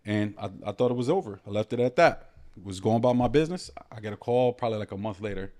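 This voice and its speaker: A man from New City, telling stories as a guest in a casual podcast chat, animated and full of street slang. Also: fairly low pitch, fast talker. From New York City.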